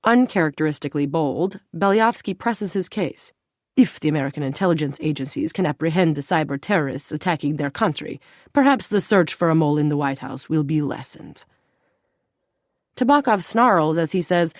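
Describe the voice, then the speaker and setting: Low-voiced woman narrating a thriller audiobook. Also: animated, normal speed, dry recording, clean studio sound.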